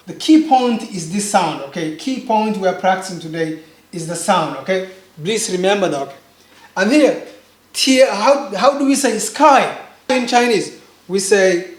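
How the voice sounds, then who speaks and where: A Mandarin teacher leading a pinyin lesson, drawing out each model word slowly and asking the listener to repeat, with casual fillers in between. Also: mid-range voice. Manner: slow, drawn-out model words with fillers. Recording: echoey room.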